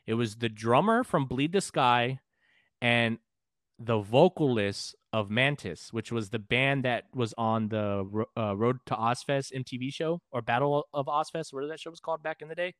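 Speaking at a moderate pace in a mid-range, slightly bright voice, a Texas musician from San Antonio tells a story as a podcast guest. The studio recording has no room sound, and he's casual, profane, and rambling, often restarting.

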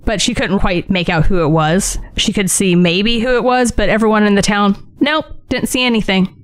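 Animated, profane woman chatting. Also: mid-range voice, normal speed, no echo. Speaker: podcast co-host. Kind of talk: casual chat.

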